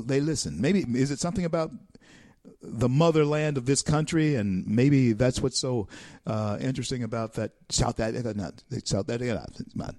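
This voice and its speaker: An American man hosting a talk show, delivering an animated, preacherly monologue with repeated phrases. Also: medium pitch, moderate pace, dry recording, studio quality. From United States.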